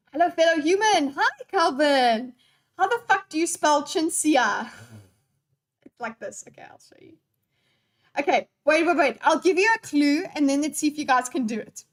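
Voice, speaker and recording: A young woman live-streams and reads chat unscripted, chatting with her audience in a scattered, playful manner and swearing freely. Her voice is high-pitched and a bit bright.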